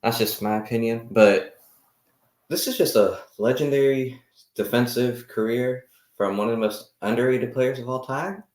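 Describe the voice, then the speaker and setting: A young man co-hosting a casual sports podcast, energetic and running the segments. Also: mid-range voice, normal speed. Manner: energetic, runs the segments, lets out loud whoops. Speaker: podcast co-host. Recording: echoey room.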